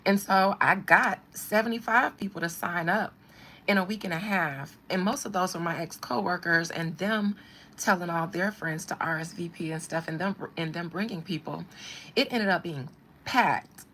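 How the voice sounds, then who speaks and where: A woman casually telling a personal story on a podcast in an animated, frank way, swearing freely. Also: lowish voice, moderate pace.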